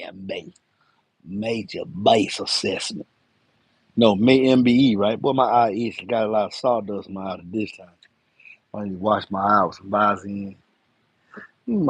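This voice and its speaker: A man in his 50s, around fifty, with a fairly low, breathy voice and no room sound, hosts a live stream. He builds enclosures and chats loosely, rambling in slang in casual live-stream talk.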